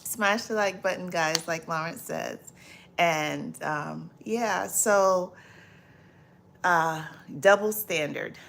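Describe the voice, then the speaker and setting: A woman's voice: fairly low pitch, takes it slowly, creaky, a bit bright. A woman from South Florida hosting a live stream in a casual, chatty way, reading viewer comments aloud, repeating herself and laughing often.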